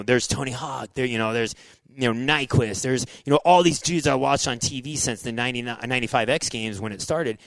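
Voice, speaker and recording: A man in his forties, a former motocross racer, telling his story in a casual podcast interview, animated and full of "dude" and "like". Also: medium pitch, clear, resonant tone, dry recording. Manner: animated, says "dude" and "like" a lot, acts out his own past thoughts.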